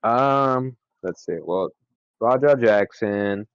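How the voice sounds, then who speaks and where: A young man co-hosting a podcast in casual chat, excitable and quick to swear and laugh. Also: fairly low pitch, clean tone, dry recording. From California. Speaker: podcast co-host. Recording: dry, dull lo-fi sound.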